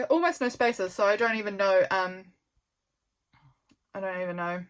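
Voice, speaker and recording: A woman's voice: mid-range voice, moderate pace, long pauses, smooth. A young woman, chatting casually and rambling with lots of ums while flipping through her journal. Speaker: journaling vlogger.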